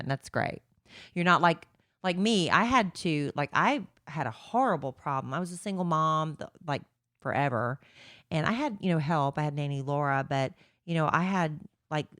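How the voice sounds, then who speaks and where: A woman's voice: low-pitched, fairly bright tone, dry recording, studio quality. A woman co-hosting a podcast, talking candidly and chattily, a self-deprecating and tired-sounding speaker. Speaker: podcast co-host. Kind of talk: casual chat.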